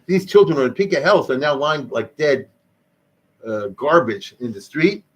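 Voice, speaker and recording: A man's voice: on the high side, lively intonation, measured pace, husky. Man, rabbi, informal history lecture in a synagogue hall, conversational, Hebrew and Yiddish terms.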